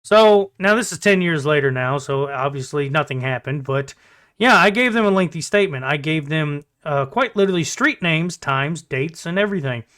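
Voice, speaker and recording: Male vlogger, casual storyteller, high and bright, blunt and profane. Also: lively intonation, moderate pace.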